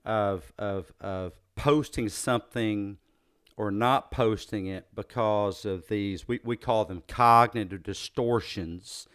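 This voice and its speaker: A man's voice: lowish voice, slow, a bit bright, clear, resonant tone. A man with a Southern US accent hosting an interview, often hesitating and restarting his phrases. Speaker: podcast host. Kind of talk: interview conversation.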